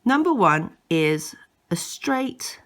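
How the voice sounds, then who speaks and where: Slow, low-voiced woman teaching patiently. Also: big pitch swings. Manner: patient, repeats and demonstrates sounds, occasional self-corrections. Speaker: language teacher. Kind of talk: slow instructional explanation.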